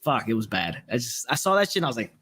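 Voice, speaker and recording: A man's voice: medium pitch, very animated, rapid-fire, bright, forceful tone, husky. A man hosting a casual wrestling talk show, speaking bluntly with lots of swearing and reading out viewer comments. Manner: profane, blunt and laid-back, reads viewer comments. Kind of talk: casual podcast chat.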